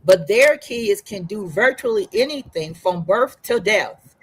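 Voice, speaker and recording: A woman's voice: medium pitch, lively intonation, unhurried, slightly rough, low-quality recording. A woman co-hosting a podcast, talking through tears in an emotional, emphatic way and repeating her words. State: crying. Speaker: podcast co-host. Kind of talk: casual podcast discussion. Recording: faint noise, remote call line.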